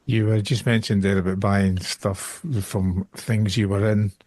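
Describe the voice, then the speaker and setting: A man's voice: lowish voice, flat delivery, unhurried, a little mellow. A man hosting a podcast, asking easygoing questions with dry jokes. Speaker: podcast host. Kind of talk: casual podcast chat.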